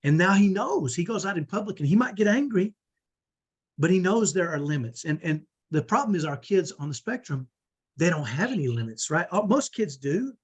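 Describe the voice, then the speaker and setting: A man's voice: high voice, animated, moderate pace, slightly rough, highs cut off. A middle-aged man hosting a live online parenting training on a video call, earnest and emphatic, often tagging on "right?". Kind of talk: live webinar talk.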